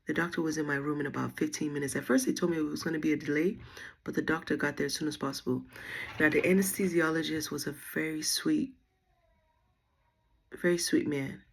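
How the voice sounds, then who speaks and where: A young woman with a drawl talks straight to her viewers, telling a story in a casual, animated way and acting out what everyone said. Her voice sits low, with a husky, gravelly edge. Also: a little fast. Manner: chatty, animated retelling with quoted dialogue. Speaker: vlogger.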